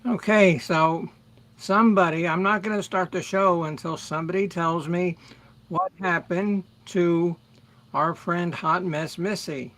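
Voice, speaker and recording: A middle-aged man hosting a music livestream, chatting slowly and rambling as he greets viewers by name. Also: high-pitched, steady tone, fairly bright tone. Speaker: livestream music show host. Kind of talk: casual livestream chat with viewers.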